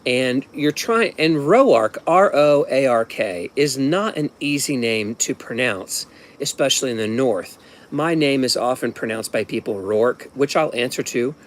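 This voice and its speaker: A man's voice: mid-range voice, expressive, unhurried. Rambling man in his fifties. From Ohio, USA. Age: 50s. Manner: rambling, with frequent restarts and asides. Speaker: storyteller. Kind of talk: casual personal storytelling.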